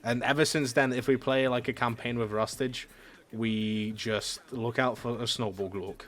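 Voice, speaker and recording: A man's voice: mid-range voice, fairly even intonation, normal speed, fairly bright tone. A young adult man with a British-sounding accent, streaming and chatting loosely with viewers, swearing now and then. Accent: British-sounding English. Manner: chatty, loose and profane, answering chat messages. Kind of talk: casual chat with stream viewers while gaming. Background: faint background music.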